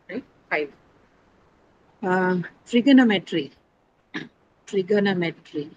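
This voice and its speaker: A woman teacher leading an English pronunciation lesson, patiently repeating each word slowly for her students. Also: medium pitch, dull audio, slight background noise. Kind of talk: classroom lesson on syllables and stress.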